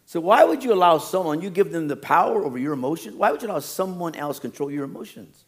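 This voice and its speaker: A man's voice: a little high, lively intonation, fast talker. A man preaching a sermon as a pastor, telling stories with laughter and acting out other people's voices.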